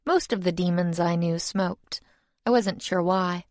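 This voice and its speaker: A woman's voice: fairly low pitch, unhurried, darkish tone, dry recording, studio quality. A woman narrating a first-person fantasy audiobook in a wry, conversational way.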